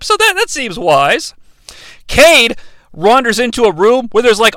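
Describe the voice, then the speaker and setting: Young man, comedic movie recap host, sarcastic, profane, rambling, high-pitched, dry close sound. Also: pushed and bright, dry recording. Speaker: host, bad-movie reviewer.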